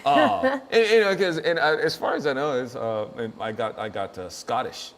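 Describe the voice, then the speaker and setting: A man's voice: medium pitch, animated, normal speed, gravelly. A man hosting a show, chatting casually and jokily, rambling and laughing often. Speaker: show host. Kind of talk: casual comedic chat.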